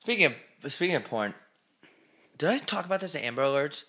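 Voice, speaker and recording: A man's voice: fairly high pitch, sing-song, brisk, sharp tone. A young man co-hosting a podcast, making goofy, mock-serious jokes in crude casual banter. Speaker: podcast co-host.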